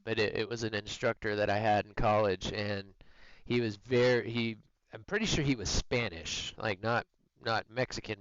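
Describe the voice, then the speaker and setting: A man's voice: medium pitch, smooth, no echo, muffled recording. A man streaming a game, chatting loosely with his viewers, teasing and joking. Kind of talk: casual chat while gaming.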